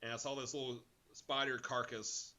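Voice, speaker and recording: A man's voice: mid-range voice, little pitch movement, normal speed, bright, forceful tone. A man co-hosting a podcast, telling a story in a laid-back, casual way and swearing freely. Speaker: podcast co-host. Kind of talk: casual chat.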